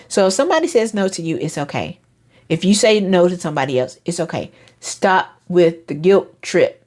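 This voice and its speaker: A woman, hosting a casual motivational talk and acting out quoted friends in higher voices. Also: darkish tone. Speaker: host.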